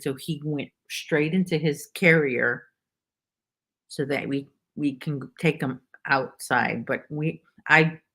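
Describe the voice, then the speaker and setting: A woman's voice: sits low, fairly bright tone. A woman hosting a casual crochet livestream from home, chatting in a rambling way and reading viewers' names aloud. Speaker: livestream host. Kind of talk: casual chat while crocheting.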